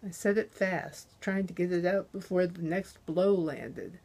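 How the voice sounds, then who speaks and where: A woman narrating a thriller audiobook in the first person, with a tense, unhurried delivery. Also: fairly low pitch, darkish tone, slightly rough.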